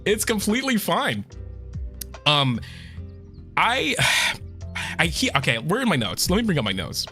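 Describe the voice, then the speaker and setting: Male streamer, lively bright voice, swears a lot and fights back tears, faint music behind. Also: a little high, a little slow, pauses often. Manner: emotional, swears a lot, trails off and restarts. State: choked up, holding back tears. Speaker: VTuber streamer. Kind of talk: casual chat with viewers.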